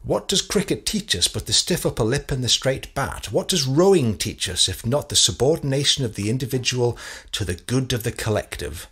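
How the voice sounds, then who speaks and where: A man with an English accent voicing a measured, relentless middle-aged detective in a storybook reading. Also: medium pitch, expressive, a bit bright, breathy edge, exaggerated voice. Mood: cold. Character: cool, probing male detective, middle-aged.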